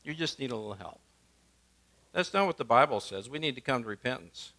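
Bright-voiced preacher swinging loud to hushed. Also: male voice, medium pitch, animated, a little fast, creaky. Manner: preaching with wide swings in loudness, emphatic then hushed. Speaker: pastor. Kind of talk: sermon.

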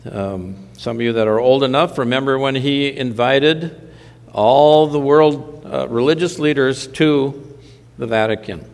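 A man preaching a sermon in a conversational way, dropping mildly sardonic asides as he goes. His voice sits at an ordinary middle pitch and carries a long reverb from the hall around him. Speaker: pastor.

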